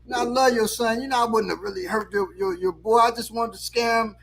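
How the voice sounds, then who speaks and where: A man voicing a fierce older woman teacher who turns tearful when cornered, in a high, sing-song pleading voice, while telling a story. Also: fast talker, vocal fry.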